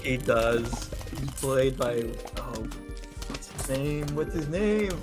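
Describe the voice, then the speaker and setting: A woman with a strikingly deep voice chats animatedly over a game stream, her pitch swinging widely as she laughs and jokes with a friend. Game music plays clearly behind her. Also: slow pace. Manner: bubbly, laughs often, animated. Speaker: guest streamer. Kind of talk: casual gaming chat with improv bits.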